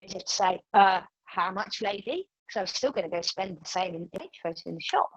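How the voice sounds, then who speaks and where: A woman, leading a yoga class over a video call and telling a lively story, acting out her own reactions. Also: fairly low pitch, fairly quick, husky, dry recording, highs cut off. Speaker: yoga teacher. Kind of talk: chatty class talk with a personal story. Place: room used for online classes.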